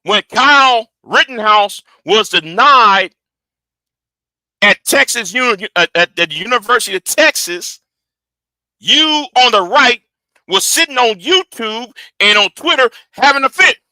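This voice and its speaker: A man hosting a livestream argues his points in a high, lively voice that swoops up and down. His tone is very bright and cutting, and the sound is close and dry with no room around it. He talks straight to his viewers. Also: measured pace, no echo. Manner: animated, argumentative, talks straight to his audience. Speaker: livestream host. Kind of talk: livestream commentary.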